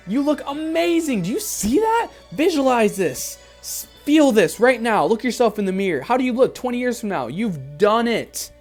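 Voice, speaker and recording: A man leading a guided visualization as a motivational speaker, emphatic and repetitive, rising to excited peaks. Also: extremely high pitch. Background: faint background music.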